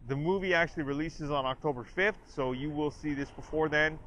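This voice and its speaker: A man's voice: fairly high pitch, a little fast, sharp tone, slight background noise. A man casually reviewing a movie trailer, chatty and full of "like", retelling scenes with quoted lines. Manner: chatty, lots of "like" and restarts. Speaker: host of a review channel.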